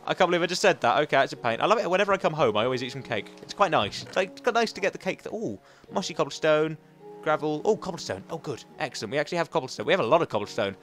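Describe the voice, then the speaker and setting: An excitable young gaming channel host with a lively, fairly high voice races through let's play commentary over soft background music. He rambles and chats, correcting himself often and coaxing the game character out loud.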